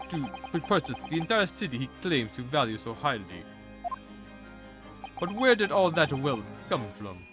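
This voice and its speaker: A man voicing a stern prosecutor with a cold, cutting, formal manner. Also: medium pitch. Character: stern, scornful male prosecutor.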